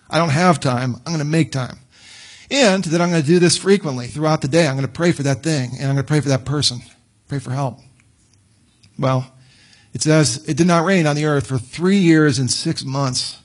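Conversational man preaching a sermon. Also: on the high side. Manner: conversational preaching, acts out pleading prayers with laughs. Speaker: pastor.

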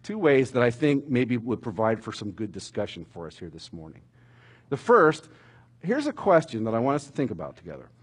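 Husky-voiced male pastor preaching. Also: mid-range voice, brisk. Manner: animated storytelling, rising to near-shouts at dramatic moments. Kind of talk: sermon.

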